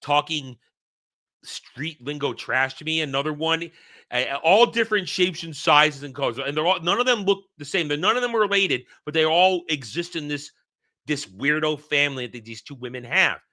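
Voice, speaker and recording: A man with a fairly high, very bright and tense voice tells a long dream story on his channel. He rambles and restarts himself often as he gets heated, in a casual solo monologue. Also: lively intonation, moderate pace. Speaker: channel host.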